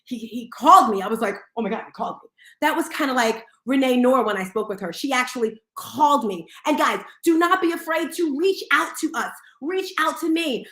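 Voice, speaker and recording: A woman hosting a live audio room, talking in an energetic, motivational way with quick asides. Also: sits high, echoey room. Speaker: show host.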